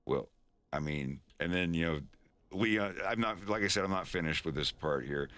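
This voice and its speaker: A man's voice: low-pitched, moderate pace, pushed and bright. A man casually explaining his animation on a stream, rambling with frequent restarts. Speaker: animator showing his work.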